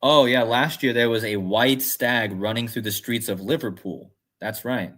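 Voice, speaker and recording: A man's voice: mid-range voice, moderate pace, fairly bright tone. Man musing aloud on a livestream. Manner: rambling, musing aloud, reads chat comments. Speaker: livestream host. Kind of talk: casual livestream talk.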